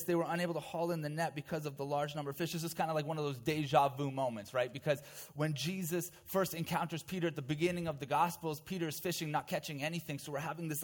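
High-voiced man preaching a story sermon. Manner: vivid storytelling with conversational asides. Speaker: pastor.

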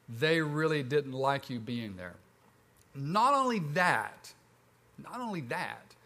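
Storytelling Southern pastor. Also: male voice. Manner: storytelling, lively pitch swings, conversational. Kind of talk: sermon.

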